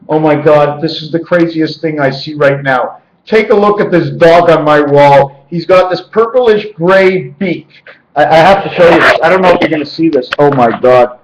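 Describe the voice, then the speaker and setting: A vlogger with a fairly high voice talks at a moderate pace to his handheld camera at home, rambling and leaping between loose word and number associations. The camera audio is echoey, dull, and lo-fi.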